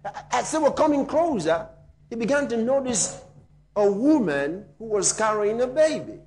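Man, pastor, sermon storytelling, dramatic, very high voice, faint background noise. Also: very animated, normal speed. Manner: dramatic, swings from hushed to shouting.

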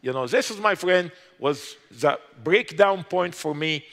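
High-voiced Egyptian man preaching in a reverberant hall. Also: fairly bright tone. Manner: impassioned, rising to urgent exhortation; halting non-native grammar. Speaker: speaker giving his conversion testimony. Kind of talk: preached testimony. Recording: long reverb of a large hall.

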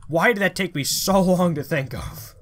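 A man giving let's play commentary, excitable, swearing a lot and thinking aloud as he plays. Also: sits high, normal speed. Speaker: gamer.

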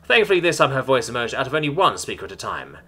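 A man narrating a story in a scripted, expressive way. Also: medium pitch, fast.

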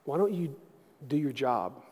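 A preacher doing a blunt football coach. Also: male voice, medium pitch, lively intonation, measured pace, a little mellow, breathy edge, in a large hall. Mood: challenging. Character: blunt middle-aged male football coach.

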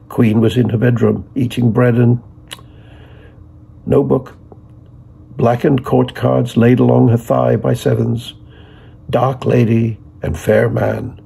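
A man reading literary fiction aloud in a measured, deliberate way. His voice is very husky and heavily gravelly, with a dark, mellow tone throughout. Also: medium pitch, flat delivery. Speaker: reader.

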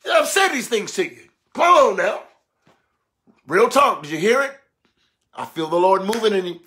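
A preacher man with a strikingly high voice delivers a sermon. He swings from ringing shouts and exclamations down to quiet, hushed lines, and he keeps calling on his listeners to respond. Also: lively intonation, moderate pace, pauses often, slight background noise.

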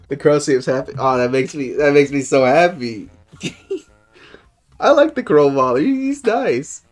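Man, game streamer, casual commentary, middle pitch, reads game text aloud, excited high-pitched outbursts, soft guitar music behind. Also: normal speed, pauses often.

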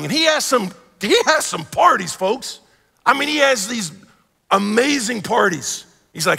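A man pastor delivers a sermon to a church congregation. His voice sits high for a man, with gravelly fry at the ends of phrases. He acts out quotes in an animated, conversational way, and the sanctuary's long reverb trails each line. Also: a little fast. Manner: animated storytelling with acted-out quotes. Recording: live church hall reverb.

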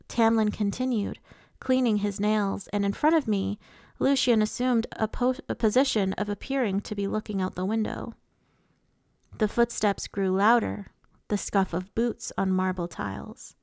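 Woman audiobook reader, measured and slow, gravelly, dry close sound. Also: medium pitch, darkish tone, no room sound. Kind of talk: first-person novel narration.

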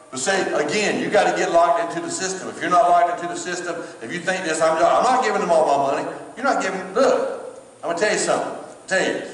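A man's voice: fairly high pitch, a bit bright. A male pastor, preaching a sermon in a conversational storytelling way with emphatic repetition. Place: church sanctuary. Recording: echoey church hall, distant mic.

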